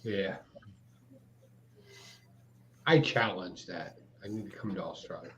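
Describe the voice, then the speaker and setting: A man's voice: sits low, normal speed, fairly bright tone, a little hiss or hum. A man chatting casually and giggling with friends. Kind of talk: casual chat. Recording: dull lo-fi call audio.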